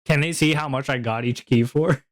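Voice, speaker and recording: A man's voice: medium pitch, fairly quick. A young man chatting casually on a livestream, rambling to his viewers with frequent laughs and swearing. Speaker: VTuber streamer.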